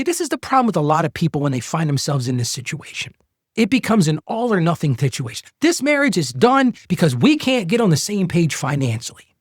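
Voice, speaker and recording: A middle-aged man with a husky voice gives earnest advice on money and marriage. His pitch swings widely as he coaches and repeats key phrases for emphasis, and the recording is dry and close. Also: no echo. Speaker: podcast host. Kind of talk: faith-based money advice talk.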